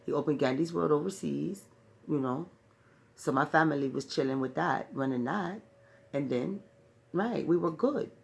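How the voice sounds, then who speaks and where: A woman's voice: low voice, moderate pace, creaky, breathy edge. A woman vlogger telling a rambling personal story in casual chat, often tagging "right" and swearing freely. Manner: rambling, peppers talk with "right"; profane, laughs while telling.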